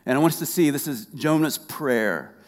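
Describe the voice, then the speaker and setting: A man delivers a sermon in an easy, conversational way, tossing in light humor. When he reads scripture he slows down and lingers on the words. His voice rings out with the long reverb of a large hall. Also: mid-range voice, animated. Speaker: pastor.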